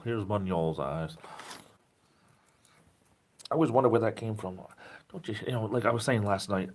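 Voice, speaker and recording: Chatty forties man, southeastern New England accent, low voice, casual live stream host. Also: moderate pace, pauses often. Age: 40s. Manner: rambling, reads viewer chat aloud and answers it; speeds up when excited.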